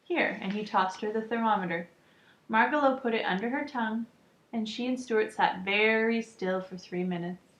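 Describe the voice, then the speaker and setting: A woman reading a children's book aloud calmly, adding casual asides. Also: mid-range voice, normal speed. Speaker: storybook reader. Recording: echoey room, muffled lo-fi sound.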